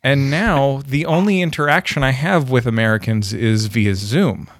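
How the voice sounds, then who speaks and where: A man's voice: mid-range voice, normal speed, no echo. Canadian guy, casual podcast chat, lots of ums, dry close sound. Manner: hesitant, many ums and restarts.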